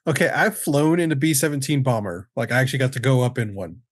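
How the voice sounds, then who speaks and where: A man's voice: medium pitch, fast talker. A man chatting casually about a film, telling his own stories along the way. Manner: chatty, tells personal anecdotes. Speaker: podcast co-host. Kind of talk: casual chat.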